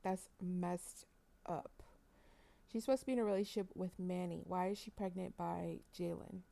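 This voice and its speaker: A woman casually narrating a dramatic life-sim game story to her viewers, chatty and expressive. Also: fairly low pitch, moderate pace, creaky. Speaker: gaming channel host.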